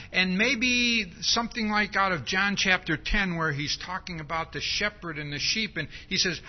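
Man, pastor, sermon, conversational teaching, fairly high voice, husky, dull lo-fi recording. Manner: conversational, keeps asking "See?". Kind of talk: expository sermon.

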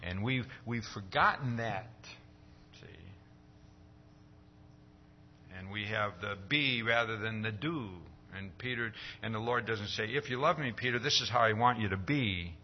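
A man preaching a sermon in an easy, conversational way, checking in with his listeners by asking "See?" He lifts his voice when he acts out quoted exchanges. The recording is slightly dull, with a faint hum behind him. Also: normal speed. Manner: acts out quoted dialogue with rising pitch.

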